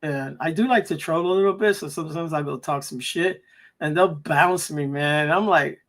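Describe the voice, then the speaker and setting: A man's voice: fairly high pitch, normal speed, fairly bright tone. A man hosting a casual chat, loose and laid-back, swearing casually. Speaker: podcast host.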